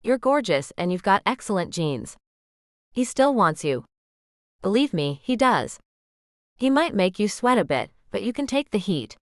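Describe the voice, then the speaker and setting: A woman's voice: mid-range voice, sing-song, unhurried, no room sound, clean studio sound. A woman reading the lines of an encouraging, bossy young female friend in an audiobook, coaxing and reassuring.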